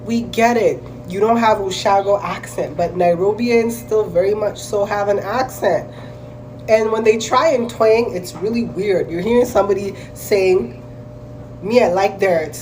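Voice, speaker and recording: A woman's voice: mid-range voice, normal speed, a little mellow, slight background noise, rough recording. A Kenyan woman speaking with a Kenyan accent in a casual, opinionated clip, emphatic and exasperated. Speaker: commentator in a reaction clip.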